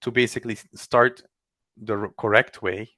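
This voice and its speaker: A man in casual technical chat, animated, with quick restarts, acting out other people's lines. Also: lowish voice, dry recording.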